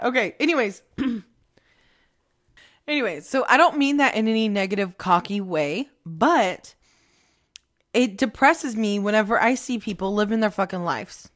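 A woman's voice: medium pitch, lively intonation, unhurried, long pauses, fairly bright tone. A woman with a mid-range voice talks loosely and at length as the host of her own podcast, drifting from thought to thought. She swears freely and pokes fun at herself, sounding like an everyday spiritual reader chatting off the cuff. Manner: rambling, swears a lot, self-mocking. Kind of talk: casual monologue.

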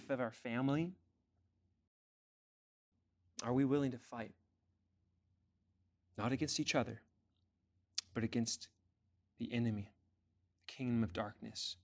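A man's voice: medium pitch, brisk, long pauses. Emphatic male pastor preaching. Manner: emphatic, rising to forceful climaxes; asks the congregation rhetorical questions. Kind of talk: sermon.

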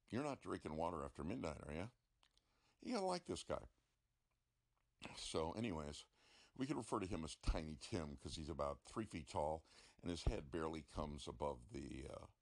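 Gravelly low-voiced sarcastic man. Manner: dry, sarcastic. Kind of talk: casual storytelling monologue.

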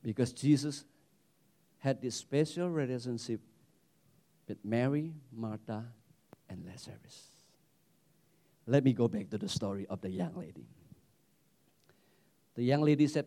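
A man preaching a sermon as pastor, animated, repeating words and restarting his phrases. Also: medium pitch, measured pace, pauses often.

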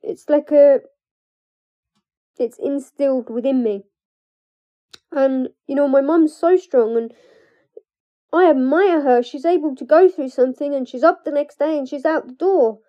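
In a confessional vlog, a young woman who works as a trauma coach speaks candidly and emotionally in a high voice, pausing and laughing nervously between thoughts. The lo-fi recording sounds dull, with the top end muffled.

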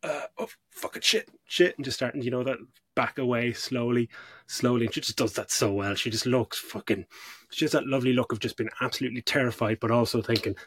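Husky-voiced man chatting about films. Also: medium pitch, fast talker, dry recording. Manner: animated, swearing, acts out scenes. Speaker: podcast co-host. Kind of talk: casual film discussion.

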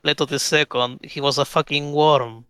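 A man's voice: on the high side, steady tone, normal speed, fairly bright tone, smooth, no room sound. A man in a casual podcast chat with friends, blunt, profane and dryly sarcastic.

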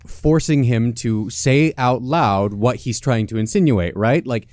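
A man's voice: medium pitch, a little mellow, no room sound. A man co-hosting a casual podcast, explaining his view carefully and checking with the others. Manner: measured, explains carefully with many "right?" checks. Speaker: podcast co-host. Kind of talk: casual chat.

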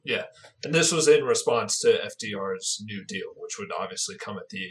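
Low-voiced male podcast co-host. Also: lively intonation, moderate pace. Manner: chimes in with short agreements. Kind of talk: casual chat.

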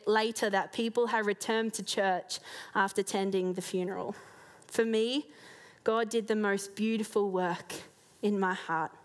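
A woman with a fairly high voice shares a personal faith testimony before a church gathering. She speaks earnestly and from the heart, and soft laughs slip in between her words. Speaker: church member giving a testimony.

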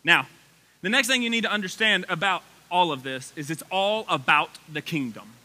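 A man delivering a lively sermon to his congregation. His voice sits high and gets higher as he gets excited, with a very bright, forceful edge. He mixes fired-up preaching with casual, chatty asides. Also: moderate pace. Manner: energetic, voice climbs high when excited. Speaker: pastor.

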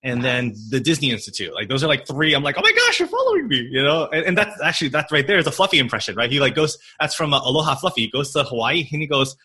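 On a casual podcast, the thirty-something physical therapist talks in English, which is not his native language, stumbling through fillers and restarts and laughing often. His voice is mid-range and slightly rough, his manner animated.

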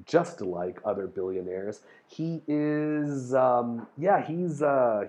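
A man hosting a casual explanatory monologue, rambling through ideas, spelling out words and filling pauses with ums and restarts. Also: mid-range voice, a little mellow. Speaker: host explaining topics to listeners.

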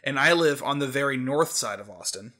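A man's voice: mid-range voice, fairly quick. A young man in his twenties co-hosting a casual podcast, telling a funny story and laughing as he goes. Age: 20s. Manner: animated, laughs through his stories. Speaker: podcast co-host.

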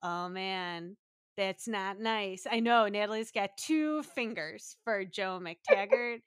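A young adult woman cohosting a podcast, recapping an episode in casual, jokey chat with quick asides. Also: mid-range voice, clear, resonant tone, no room sound, studio quality.

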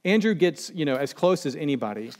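Male pastor, slightly higher-pitched voice, relaxed joking sermon delivery. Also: a little fast. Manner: chatty, joking, acts out quoted people. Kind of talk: conversational sermon.

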